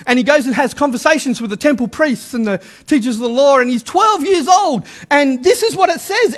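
A middle-aged man, a pastor, preaching a lively sermon and repeating his key lines for emphasis. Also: very high-pitched.

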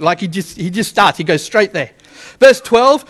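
A man preaching in a loose, conversational way, breaking into little acted-out quotes. His voice sits very high and sounds bright and forceful. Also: animated, moderate pace. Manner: chatty, storytelling, acts out quotes. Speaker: pastor. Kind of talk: sermon.

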